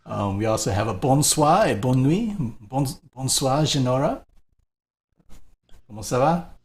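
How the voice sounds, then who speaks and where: Gravelly-voiced man chatting on a stream. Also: mid-range voice, lively intonation, unhurried. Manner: chatty, laughs often, reads viewer names. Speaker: co-host of a painting stream. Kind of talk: casual live-stream chat.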